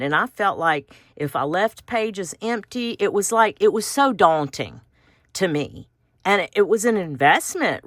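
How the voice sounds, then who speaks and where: A woman's voice: low voice, fairly bright tone. A woman hosting a craft video, chatting casually and thinking aloud as she cuts out pictures.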